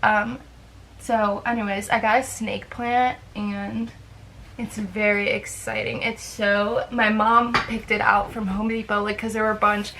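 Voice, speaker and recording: A woman's voice: mid-range voice, level tone, unhurried, sharp tone, slight background noise, poor audio. A young woman chatting casually to camera in a rambling, self-deprecating way, with lots of fillers. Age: young adult. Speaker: vlogger.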